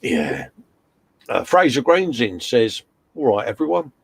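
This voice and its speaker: A man with a gravelly edge to his voice, chatting on a live stream and calling everyone mate and fella. His voice is close and dry, with almost no room sound. He reads out viewer comments in a relaxed, joking way. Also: medium pitch, unhurried, dry recording. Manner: jokey, matey banter, calls everyone mate and fella. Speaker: co-host of a live modelling chat stream.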